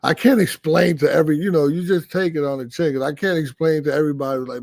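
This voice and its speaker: A boxing coach chatting casually on a podcast, telling animated stories and swearing freely. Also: male voice, a little high, fast, creaky, no echo.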